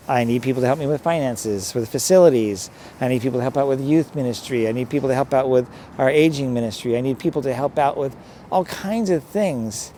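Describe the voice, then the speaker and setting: A priest talks straight to his listeners in a loose, rambling reflection, at a middle pitch. Faint traffic hums behind him outdoors. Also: darkish tone. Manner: conversational, rambling, direct address to listeners. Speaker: priest, pastor. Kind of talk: reflective sermon-style talk.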